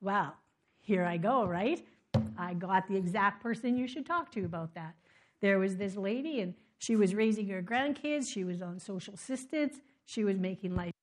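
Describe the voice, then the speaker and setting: A woman's voice: medium pitch, lively intonation, normal speed, no room sound, studio quality. A woman giving a personal storytelling talk at a community ministry event, with many fillers and restarts, into a microphone.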